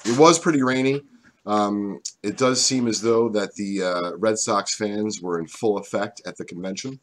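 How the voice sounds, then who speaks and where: Chatty man with a deep, cold-roughened voice. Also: normal speed. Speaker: card break co-host. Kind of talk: casual live-stream chat.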